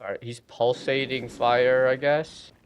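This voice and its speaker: A man streaming gameplay, reacting out loud with quick exclamations as he plays. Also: mid-range voice, slight background noise. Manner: excitable, exclaiming at the game. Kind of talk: live gameplay commentary.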